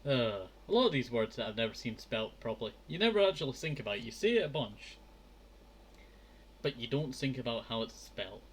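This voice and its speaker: A man's voice: mid-range voice, expressive, fairly quick, slightly rough. A man chatting casually while playing a game, his throat dry and strained, often stumbling over words and trying them again. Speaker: game streamer. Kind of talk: casual let's-play commentary.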